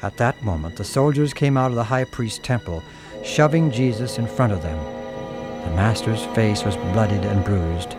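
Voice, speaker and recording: A man's voice: on the low side, normal speed. A man narrating a radio drama in an earnest, dramatic storytelling manner. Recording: music underneath.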